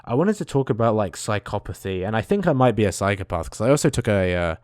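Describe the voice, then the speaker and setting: A man's voice: on the low side, very animated, fast, a little mellow, no echo, clean studio sound. A young man ranting casually to his camera, rambling and swearing, mocking himself as he goes. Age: young adult. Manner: rambling, profane, self-mocking. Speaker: vlogger.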